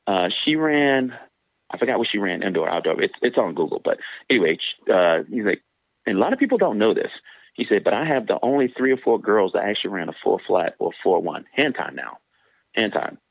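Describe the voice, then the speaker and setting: Former sprinter, male guest, animated anecdotes with jumping pitch, tinny dry phone audio. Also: fast talker, creaky, slightly rough, no echo. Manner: animated, acts out quoted voices with big pitch jumps. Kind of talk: casual storytelling in an interview.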